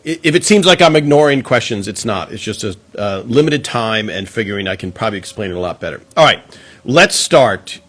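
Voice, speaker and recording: A man's voice: medium pitch, a bit bright. A man hosting a casual live Q&A stream, greeting viewers one by one and chatting with plenty of filler words.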